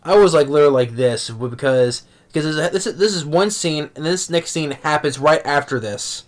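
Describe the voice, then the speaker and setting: A man's voice: on the high side, normal speed, hardly any pauses. A young man giving a rambling, exasperated movie review rant at home, tripping over his words and restarting often.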